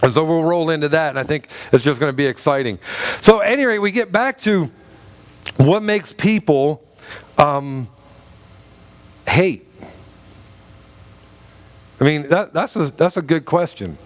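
Middle-aged male pastor, casual joking sermon delivery, slightly high voice. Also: a little slow, pauses often. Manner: chatty and joking, with many restarts and laughs.

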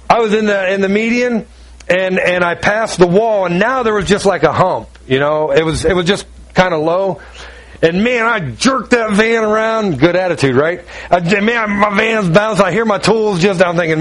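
A middle-aged man preaching a sermon, telling a personal story and acting out the dialogue with lively shifts in delivery. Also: high voice, a little fast. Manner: animated storytelling, acts out dialogue.

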